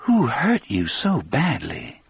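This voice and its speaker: Man putting on a high-pitched dying old woman, hoarse and childlike, thin and husky, slow and lingering, storybook reading. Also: wildly swooping pitch, dry recording, heavily acted. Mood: gentle. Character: frail dying older woman, sick in bed. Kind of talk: audiobook character voice.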